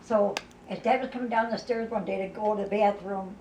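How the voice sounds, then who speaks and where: A woman's voice: mid-range voice, steady tone, fairly quick, darkish tone. An older woman recounting a family memory in casual talk, earnest and emphatic with repeated lines. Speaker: sibling sharing family memories. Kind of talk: casual storytelling among family. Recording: roomy, distant mic, faint background noise.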